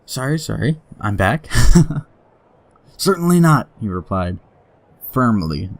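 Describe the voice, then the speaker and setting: A man playing a story game, reading its text aloud and chuckling, then dropping quick casual asides. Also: fairly low pitch, lively intonation, vocal fry. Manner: giggly, laughs often while reading; reads story passages slowly, then mutters quick asides. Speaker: let's play gamer.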